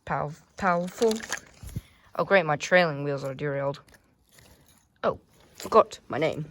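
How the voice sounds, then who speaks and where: A woman's voice: sits low, measured pace, a bit bright, a little hiss or hum. A woman voicing a goofy, talkative male toy train engine that squeals, yelps and mocks itself. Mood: playful. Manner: playful, self-mocking, squeals and yelps. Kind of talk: playful toy role-play.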